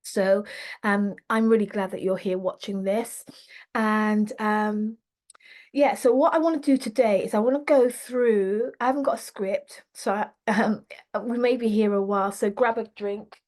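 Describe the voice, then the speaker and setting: A woman leadership coach talking unscripted to camera in a reflective, earnest way, full of fillers and restarts, leaning slowly on feeling words. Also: mid-range voice, steady tone, a little mellow. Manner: rambling with many fillers and restarts.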